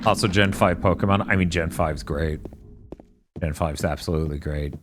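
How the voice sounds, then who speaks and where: A man's voice: low voice, normal speed, over music. A man co-hosting a live game stream, chatting casually in a rambling way and swearing now and then. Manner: rambling, swearing, loose storytelling. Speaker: streamer co-host.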